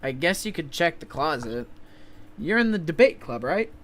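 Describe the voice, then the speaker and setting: A lazy, shy teenage schoolboy, read by a man playing a visual novel, narrates his day in a casual, unbothered way. The voice sits a little on the high side for a man. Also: big pitch swings, moderate pace, a bit bright, a little hiss or hum. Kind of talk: reading a visual novel aloud.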